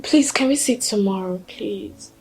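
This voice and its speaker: A slow, apologetic Nigerian boyfriend. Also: male voice, high voice, soft background music. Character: embarrassed young man apologizing to his girlfriend.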